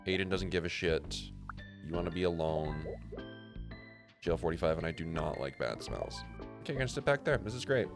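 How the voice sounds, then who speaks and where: A man's voice: low-pitched, expressive, brisk, pauses often, music in the background. A man from Canada streaming a puzzle game, rambling and joking with casual swearing as he plays. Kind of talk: casual gameplay commentary.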